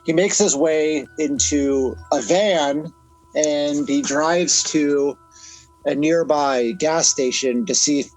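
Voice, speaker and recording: A young man with a fairly high voice speaks slowly, co-hosting a podcast where he recaps a horror film in loose, profane, casual movie-review chat and laughs often. Faint music plays behind him, and the recording is rough.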